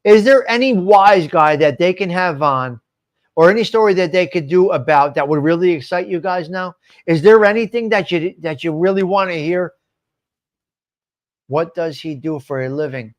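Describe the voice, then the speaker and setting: A man's voice: high-pitched, moderate pace. Rambling man hosting a live stream. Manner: rambling, talks back to chat commenters by name, swears. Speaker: host of a live stream show. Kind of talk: casual live-stream chat reading viewer comments.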